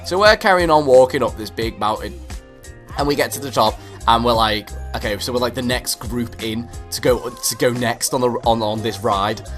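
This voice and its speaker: Animated young British man telling stories. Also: mid-range voice, brisk, soft background music. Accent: British English. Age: young adult. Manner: animated, exaggerated, swears a lot. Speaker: vlogger. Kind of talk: comic storytelling to camera.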